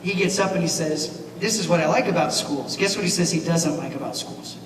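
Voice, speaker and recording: High-voiced man speaking in an echoey hall. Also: a little fast. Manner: animated, asks the audience questions. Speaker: keynote speaker, teacher. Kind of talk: banquet keynote speech. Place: large banquet hall. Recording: echoey hall, mic from far off, noisy.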